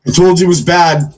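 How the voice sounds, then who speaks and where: Male livestream guest, husky voice, jokey and self-deprecating. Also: darkish tone, low-quality recording. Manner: jokey, self-deprecating, acts out characters with pitch jumps. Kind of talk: casual joke-telling on a livestream.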